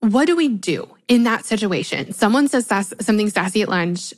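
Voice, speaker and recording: A woman's voice: mid-range voice, animated, normal speed. A woman hosting a podcast, chatting eagerly and agreeing with her guest. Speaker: podcast host. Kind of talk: casual chat.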